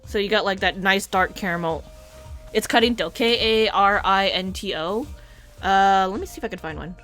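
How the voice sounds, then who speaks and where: A woman's voice: mid-range voice, moderate pace, a bit bright, soft background music. A young woman streaming a game, chatting casually and animatedly, swearing now and then.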